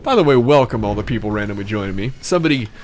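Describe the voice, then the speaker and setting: A man's voice: lowish voice, lively intonation, rapid-fire, darkish tone, a little hiss or hum. A male streamer telling a long, rambling, profane story and breaking off to talk to his chat. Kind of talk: casual storytelling on a live stream. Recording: clear music in the background.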